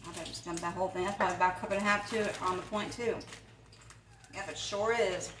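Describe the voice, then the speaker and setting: A woman's voice: lowish voice, fairly even intonation, fast talker, a bit bright, distant mic. Chatty woman in an echoey kitchen. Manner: chatty and rambling, laughs often. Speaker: home cook and channel host. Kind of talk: casual cooking vlog. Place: home kitchen. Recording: echoey room, voice off-mic, faint noise.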